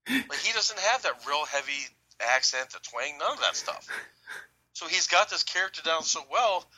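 A man co-hosting a casual podcast, talking animatedly and doing quick voices when quoting people. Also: on the high side, poor audio. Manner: animated, mimics voices in quoted bits. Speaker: podcast co-host. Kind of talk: casual wrestling talk.

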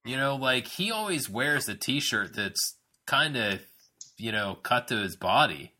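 A man's voice: medium pitch, sing-song, measured pace, sharp tone. A man co-hosting a casual wrestling chat, rambling with many fillers and restarts and often laughing. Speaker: podcast co-host.

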